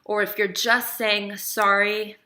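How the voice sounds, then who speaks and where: A woman's voice: medium pitch, moderate pace, pushed and bright. A woman talking casually to camera, giving relationship advice in a chatty, emphatic way and often checking in with the viewer.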